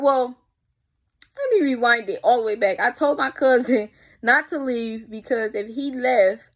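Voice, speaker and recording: A young woman telling a story in a casual vlog, animated and profane, with spoken sound effects. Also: sits high. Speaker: vlogger.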